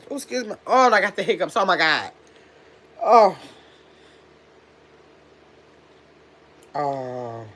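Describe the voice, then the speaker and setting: Her voice is medium in pitch, a bit bright and slightly rough. She's at home in pajamas, hosting a relaxed livestream where she chats with viewers and reads their comments aloud.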